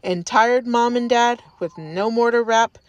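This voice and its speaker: A woman reads a rhyming storybook aloud in a gentle, sing-song way. Her voice sits a little high and she takes her time over every line. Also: a little slow, no echo, muffled recording. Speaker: storybook reader in character persona.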